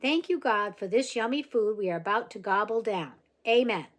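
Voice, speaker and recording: A woman voicing an excited young girl who is bossy and playful, in a high, loud voice. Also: normal speed, natural voice. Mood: cheeky.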